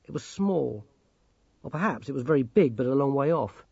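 A man narrating an audiobook in a measured, expressive way. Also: medium pitch, gravelly, breathy edge, no echo. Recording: dull, dry recording.

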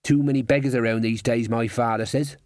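A man's voice: mid-range voice, steady tone, fairly quick, darkish tone, dry recording, clean studio sound, lightly acted. A man doing a snide, bossy young bandleader. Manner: sneering, quoting his father.

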